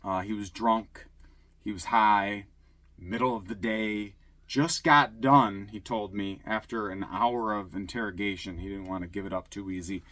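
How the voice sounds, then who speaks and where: A middle-aged former police officer from Michigan telling casual stories, acting out quotes with a raised voice. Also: male voice, lowish voice, a little slow. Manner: animated, acts out shouted quotes in a raised voice. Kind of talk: casual storytelling.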